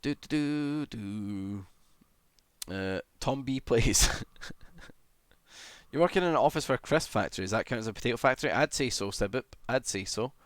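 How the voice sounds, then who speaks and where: In casual livestream chat, a young man uses an expressive mid-range voice at a moderate pace, with no echo. He drifts from topic to topic, jokes at his own expense, curses a lot, and hums to himself in the pauses.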